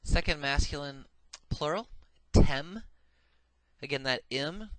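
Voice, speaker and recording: A man's voice: on the high side, slow, a bit bright, no room sound. A man giving a recorded grammar lecture, methodical and patient, saying each form twice with frequent "uh" fillers. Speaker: Hebrew grammar teacher.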